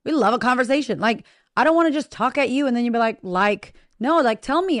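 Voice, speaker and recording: A woman hosting a podcast in a casual motivational monologue, blunt and profane, talking straight to her listeners with energetic emphasis. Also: a little high, a little fast, no echo, clean studio sound. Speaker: podcast host and business coach.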